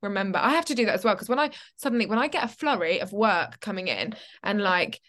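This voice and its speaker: A woman's voice: medium pitch, lively intonation, fast talker, a bit bright. A young woman co-hosting a casual Christian chat podcast, telling stories animatedly and acting out her own reactions. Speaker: podcast co-host.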